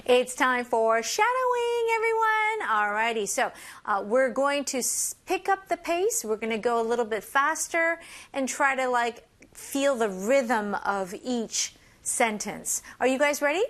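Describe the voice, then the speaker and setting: Woman teaching English, high voice, very animated, slow clear phrases, cheerful. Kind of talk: bilingual English lesson.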